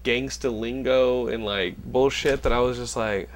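Swearing animated young man. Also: medium pitch, a little slow. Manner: animated storyteller, swears a lot. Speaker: podcast host. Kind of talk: casual chat.

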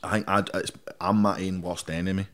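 A young man with a Scottish accent talks in a somewhat low register. He is a guest in a relaxed interview, blunt and defiant, swearing freely and tagging "mate" onto nearly every thought. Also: brisk. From Scotland. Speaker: rapper guest. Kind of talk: casual interview chat.

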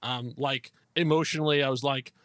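A man co-hosting a casual podcast chat in an animated, jokey way. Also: medium pitch, a little fast, no room sound, studio quality. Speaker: podcast co-host.

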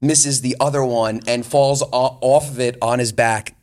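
A man's voice: medium pitch, steady tone, measured pace, a little mellow. A man hosting a podcast in a casual chat, rambling and laughing as he talks. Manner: rambling, laughing, restarts a lot. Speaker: podcast host.

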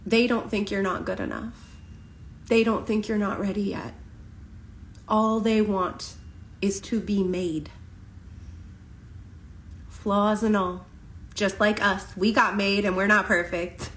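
A woman giving an impassioned spiritual tarot reading, speaking emphatically with slow, deliberate pauses. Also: medium pitch, steady tone, echoey room, slight background noise, low-quality recording. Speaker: tarot reader. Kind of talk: spiritual reading for a general audience.

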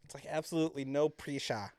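A man's voice: fairly high pitch, fast, darkish tone, no echo, clean studio sound. A man co-hosting a podcast, bantering casually about a reality show with crude jokes. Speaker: podcast co-host. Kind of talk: casual recap chat.

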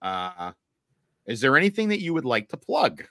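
A man's voice: a little high, huge pitch swings, creaky, bright, forceful tone, no echo. Laid-back male podcast host, dry sound. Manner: quick-fire quiz questions, laid-back. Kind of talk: casual podcast chat.

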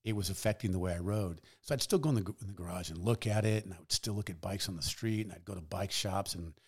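A man talking as a podcast guest in casual conversation, telling stories in a measured, reflective way. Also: sits low, breathy edge. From United States. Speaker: guest, public defender.

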